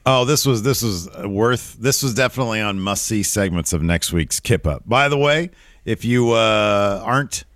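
Excitable low-voiced man co-hosting. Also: moderate pace, no room sound, studio quality. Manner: laughs often, excitable recaps. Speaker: wrestling podcast co-host. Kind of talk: casual chat.

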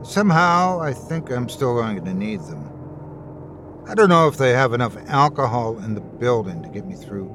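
A man's voice: mid-range voice, very animated, moderate pace, noisy background, close to an everyday voice. A man voicing a frightened, rattled grown man who speaks tensely and defensively.

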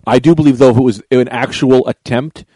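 A man co-hosting a casual podcast, joking and trading quick back-and-forth banter. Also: mid-range voice, steady tone, warm tone, no room sound. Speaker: podcast co-host.

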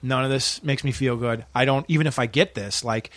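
A man, a comedian guest on a podcast, telling a story in casual chat, profane and animated, acting out other people's voices. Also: medium pitch, fairly quick, dry recording. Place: small room.

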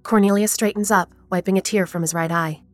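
A woman narrating a horror story in a measured, even storytelling manner. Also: mid-range voice, no echo, faint music behind.

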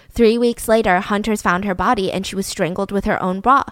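A woman's voice: mid-range voice, fairly even intonation, brisk, fairly bright tone, no room sound. A young woman hosting a podcast, telling a true-crime story in a casual, chatty way with a lot of fillers. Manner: chatty, heavy use of "like". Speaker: podcast host.

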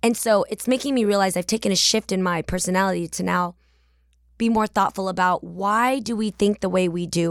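A woman's voice: mid-range voice, steady tone, fairly quick, no room sound, studio quality. A woman in her forties from the San Francisco Bay Area, hosting her podcast in a candid, chatty manner with casual slang. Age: 40s. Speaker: podcast host.

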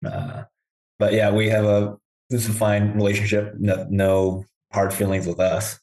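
A man with a very low voice and an easy, mild manner. He joins the chat as the caller's husband. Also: completely flat delivery, a little slow, a little mellow. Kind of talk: casual chat.

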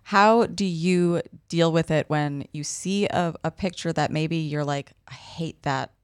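A woman's voice: low-pitched, a little slow, smooth, no room sound, studio quality. A young woman co-hosting a podcast, chatting casually and often chiming in with agreement. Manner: relaxed, chatty, frequent agreeing interjections. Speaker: podcast co-host.

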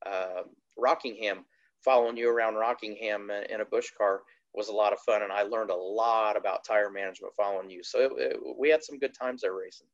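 A man from Indiana, a team owner and former racer, telling racing stories in a casual, animated, plainspoken way. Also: lowish voice, a little fast, lo-fi sound. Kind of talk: casual storytelling interview.

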